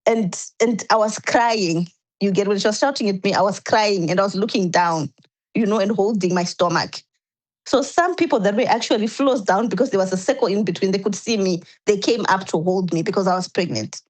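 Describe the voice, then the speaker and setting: A woman's voice: mid-range voice, a little fast, low-quality recording. A woman as a podcast guest, earnestly recounting a painful personal story step by step, often restarting her sentences.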